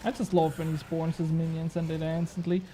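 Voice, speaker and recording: A man's voice: a little high, completely flat delivery, fairly quick, warm tone. A young man streaming a game, chatting casually and bantering with his chat, swearing now and then.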